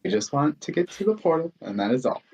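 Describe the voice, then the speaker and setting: A player speaking calmly in character, a little halting. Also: mid-range voice, background noise. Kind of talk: tabletop game play.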